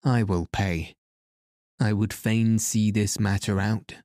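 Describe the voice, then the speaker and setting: A man's voice: lowish voice, fairly even intonation, slow, a little mellow, no echo, clean studio sound. A man reading aloud as a greedy, foolish older townsman who blusters and boasts. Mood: blustering.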